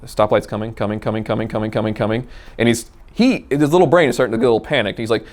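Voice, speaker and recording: A man telling a personal car story in a casual, animated way, acting out the dialogue. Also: fairly low pitch, fast. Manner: animated, acts out quoted dialogue. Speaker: guest storyteller.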